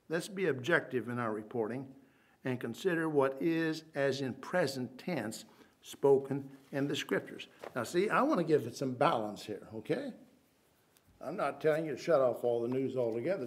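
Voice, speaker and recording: A man preaching a sermon, swinging between loud emphatic bursts and quiet asides, using Hebrew names for biblical terms. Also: mid-range voice.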